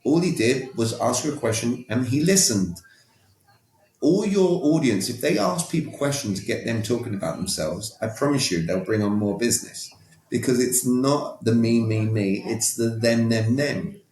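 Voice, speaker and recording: A man's voice: medium pitch, expressive, normal speed, a little mellow, reverberant. A man talking as a podcast guest, emphatic and coaching in tone, often repeating words and asking rhetorical questions. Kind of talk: conversational coaching talk.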